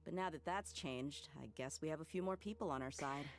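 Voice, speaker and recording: Fields: Voice: a calm young female traveler. Pitch: fairly low. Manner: earnest. Style: game cutscene. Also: fairly quick. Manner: calm, earnest, matter-of-fact. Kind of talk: video game voice acting.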